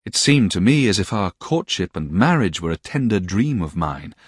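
A man reading a classic novel aloud with expressive storytelling. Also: low voice, normal speed, husky, no echo, studio quality. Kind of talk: audiobook narration of a classic novel.

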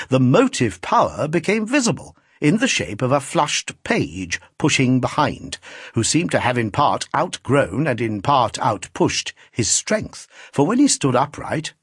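A man narrating a classic novel as an audiobook, reading in an expressive, theatrical manner. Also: mid-range voice, measured pace, breathy edge, no echo, clean studio sound.

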